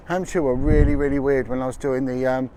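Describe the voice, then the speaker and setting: A livestream host broadcasts from a windy street, casually chatting and making asides as he reads out figures. His medium-pitched voice is warm, steady, and brisk, against a noisy backdrop of wind, traffic, and street sounds.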